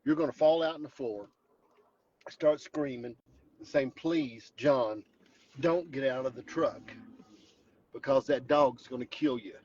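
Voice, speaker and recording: A man's voice: mid-range voice, unhurried, long pauses, darkish tone, muffled recording, slight background noise. A man vlogging from his truck on the drive home, telling an exaggerated mock-dramatic story in a Southern Appalachian accent. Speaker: vlogger host. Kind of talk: joking storytelling vlog.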